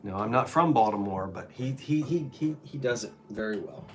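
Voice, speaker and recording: A man's voice: mid-range voice, expressive, normal speed, heavy background noise. A middle-aged man from the Delaware Valley with a Philadelphia accent, chatting casually and reminiscing on a live antiques stream. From Delaware Valley, USA. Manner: chatty, reminiscing, jokey asides. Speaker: co-host selling antiques.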